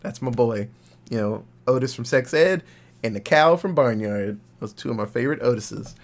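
A young man co-hosting a podcast, reviewing a horror film in casual, profane, animated chat. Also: medium pitch, moderate pace. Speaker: podcast co-host.

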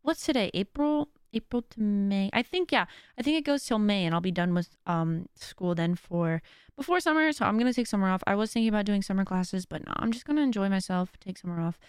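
A woman's voice: mid-range voice, lively intonation, fairly quick, smooth, no room sound, clean studio sound. A young adult woman hosting her own podcast in casual chat, talkative and rambling with joking asides. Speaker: podcast host.

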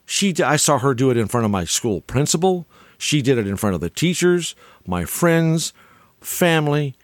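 A man's voice: on the high side, sing-song, normal speed, no room sound. An older man telling stories in a casual, rambling monologue, chuckling often and restarting his sentences. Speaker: storyteller.

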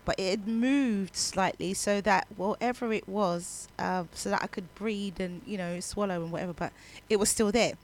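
Between songs, a woman radio DJ who is a parent of a young child tells a story in a chatty, casual way. Her medium-pitched voice is creaky, as her throat is still recovering.

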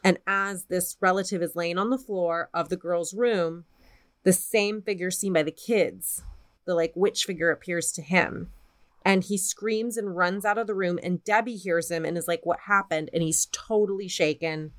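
She has a lowish voice and a moderate pace, co-hosting a podcast as she casually recounts a spooky ghost story. Her telling is animated and peppered with swearing.

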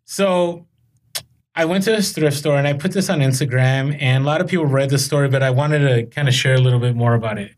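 A man hosting a casual podcast, telling animated, rambling stories about reselling. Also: medium pitch, a little fast.

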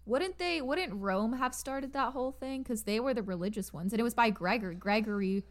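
A woman's voice: fairly high pitch, brisk. A young woman co-hosting a casual podcast chat, laughing often and telling stories with animation. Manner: giggly, animated storyteller. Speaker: podcast co-host. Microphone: remote call mic.

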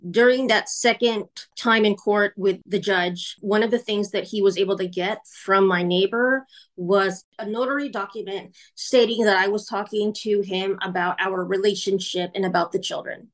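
A woman's voice: mid-range voice, fairly even intonation, normal speed. A woman guest on a podcast, earnestly telling her own story and acting out what others said. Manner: earnest, re-enacts courtroom exchanges in quoted voices. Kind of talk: personal storytelling in an interview.

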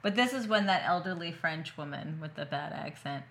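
Woman, podcast co-host, bright tense tone, lowish pitch, casual plot recap. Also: animated, moderate pace. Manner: narrates plot step by step, with agreeing fillers. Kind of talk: casual chat recapping a movie.

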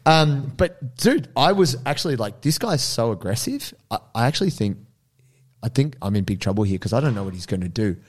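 A man's voice: medium pitch, a little fast. A young man with an Australian accent, telling a story in casual, rambling chat. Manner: animated, rambling, many fillers.

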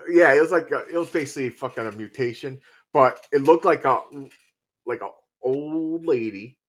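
A man's voice: mid-range voice, fast, a bit bright. A man in casual conversation, bluntly and profanely retelling scenes from a film. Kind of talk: casual movie review chat.

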